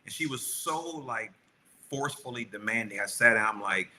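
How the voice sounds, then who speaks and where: A man co-hosting a podcast, telling a family story in a lively, animated way and acting out the quotes. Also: on the low side, normal speed, slight background noise, low-quality recording. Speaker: podcast co-host. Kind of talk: storytelling chat.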